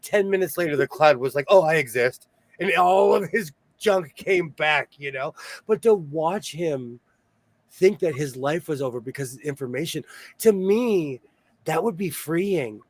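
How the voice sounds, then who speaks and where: A man hosting a casual sewing-circle chat, telling animated stories and laughing often. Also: on the high side, a little slow, no room sound. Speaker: host of a sewing show; single father.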